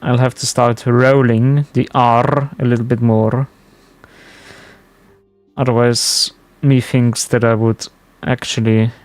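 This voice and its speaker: A man's voice: medium pitch, flat delivery, slow, dry recording, soft background music. A man chatting casually to his stream viewers while playing, musing aloud as he goes. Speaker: game streamer. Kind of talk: casual live-stream commentary.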